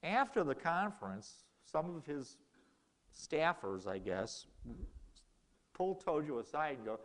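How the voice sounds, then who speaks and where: Man, history lecture, casual storytelling, slightly raised pitch, long hall reverb. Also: big pitch swings, slow pace, long pauses. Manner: conversational storytelling, acting out quoted exchanges. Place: lecture room.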